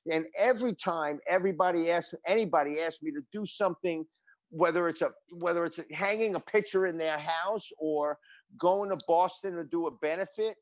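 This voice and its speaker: An older man, a guest drummer telling stories in a casual interview, animated and rambling with many restarts. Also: on the high side, fairly quick, no room sound.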